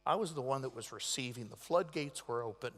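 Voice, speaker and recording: A man giving a motivational convention speech, telling stories dramatically and swinging between loud and hushed delivery. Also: mid-range voice, brisk, soft background music. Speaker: motivational speaker. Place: large convention hall. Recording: echoey convention hall.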